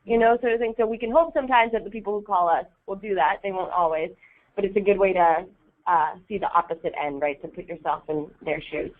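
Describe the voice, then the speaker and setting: Woman trainer, lowish voice, chatty teaching manner with lots of "right?", thin lo-fi phone-like sound. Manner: casual, many ums and rhetorical "right?". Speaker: volunteer trainer. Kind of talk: training session talk. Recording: tinny phone-like audio.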